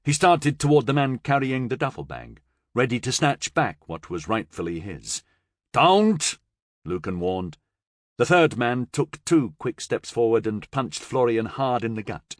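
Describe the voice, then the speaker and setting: A man narrating a science fiction audiobook with expressive, dramatic storytelling on a close mic. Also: medium pitch, moderate pace, no echo. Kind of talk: scripted narration.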